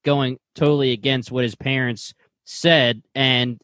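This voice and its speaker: A man's voice: medium pitch, steady tone, measured pace, fairly bright tone, no echo. A man co-hosting a podcast, musing about a show in casual, rambling chat. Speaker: podcast co-host.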